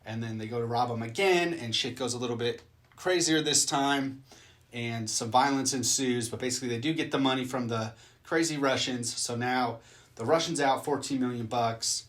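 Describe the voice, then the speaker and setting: A man's voice: medium pitch, normal speed, a bit bright. A man recapping a movie he just watched and reacting to it in casual chat, loose and rambling, with plenty of swearing.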